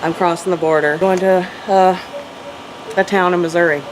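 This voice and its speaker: A middle-aged woman, an interview guest, earnestly and emotionally telling a personal story, with halting restarts. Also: lowish voice, fairly even intonation. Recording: noisy background hum.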